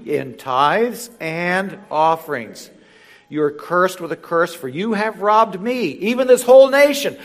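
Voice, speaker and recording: A man preaching a sermon, reading scripture slowly and building to emphatic, animated exhortation. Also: high voice. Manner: reads scripture slowly and deliberately. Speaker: pastor.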